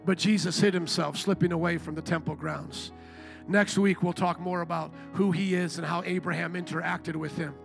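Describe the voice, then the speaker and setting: A male pastor preaching a conversational sermon, emphatic, bursting into raised shouts. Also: fairly high pitch, steady tone, normal speed, vocal fry, soft background music. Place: church sanctuary.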